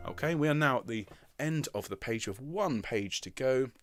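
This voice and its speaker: A woman's voice: a bass voice, moderate pace. A woman leading an online choir rehearsal, patiently counting in and singing short phrases of the alto part to demonstrate. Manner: patient, encouraging coaching. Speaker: choir director. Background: piano accompaniment.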